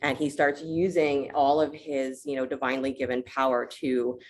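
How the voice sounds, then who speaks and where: A woman yoga teacher with an unusually deep voice tells a myth to her class. She speaks conversationally and often pauses to check in with "right?", as if talking with students in the room. Faint noise hums underneath her voice. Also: little pitch movement, darkish tone.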